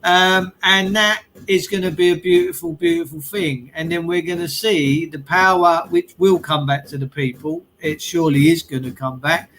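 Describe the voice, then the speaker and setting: A man's voice: fairly high pitch, fairly even intonation, normal speed, few pauses, fairly bright tone, slight background noise, poor audio. A man, talking in an earnest, emphatic way in a casual chat and repeating his key phrases.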